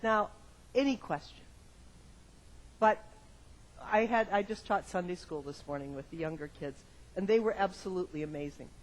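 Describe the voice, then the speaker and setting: A male pastor giving a sermon to his congregation in a church, moving from quiet reflection to loud emphatic exclamations and repeating phrases in rhythmic lists. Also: high-pitched, moderate pace, pauses often, poor audio. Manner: addresses the congregation directly with questions. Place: church sanctuary.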